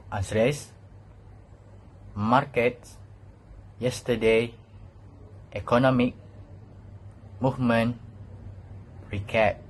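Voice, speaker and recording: A man's voice: fairly low pitch, slight background noise. A man reading a class presentation on phonetics, going through word lists one word at a time. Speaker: student presenter.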